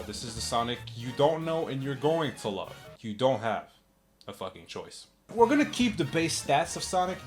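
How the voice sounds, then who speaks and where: A man rambles through sarcastic comedic commentary, swearing freely and leaping up in pitch to land his jokes. His voice sits at an ordinary middle pitch. Clear music plays behind him. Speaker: YouTube comedy host.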